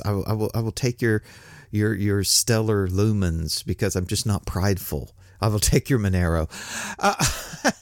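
An older man hosts a casual solo podcast, rambling in a folksy way and chuckling often. His voice is on the low side, and the recording is dry and studio quality.

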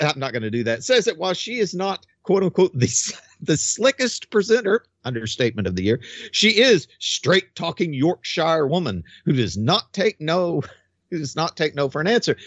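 A man's voice: fairly high pitch, no room sound, muffled recording. A man giving sarcastic political commentary, mocking his subject and laughing at his own jokes. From United States.

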